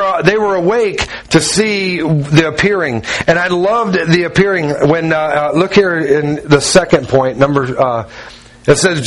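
A man's voice: on the high side, fairly bright tone, low-quality recording. A man preaching a sermon in a conversational style, with asides and jokes to the congregation. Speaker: pastor.

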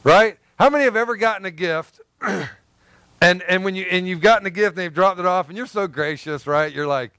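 A man preaching a sermon in a high, smooth, clear voice. He is a pastor who talks to his listeners in a loose, animated way, repeating phrases and acting out little asides. The sound is dry and close. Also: moderate pace, no room sound. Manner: animated, conversational preaching with repetitions and acted asides.

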